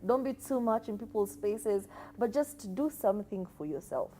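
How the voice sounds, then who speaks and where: A woman's voice: medium pitch, animated, normal speed, mellow, a little hiss or hum. A woman from Kenya co-hosting a casual podcast chat, emphatic and opinionated, sometimes mimicking others. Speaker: podcast co-host.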